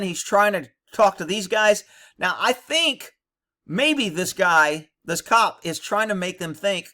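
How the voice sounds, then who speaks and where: A man's voice: high-pitched, lively intonation, brisk, sharp tone. A man who was a police officer, giving blunt, cynical commentary over bodycam footage.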